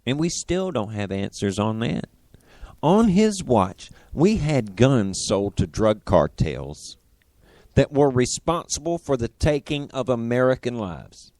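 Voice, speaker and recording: A man hosting a political talk radio show, talking in an animated, indignant and sarcastic way into a studio microphone. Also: mid-range voice, takes it slowly, no room sound.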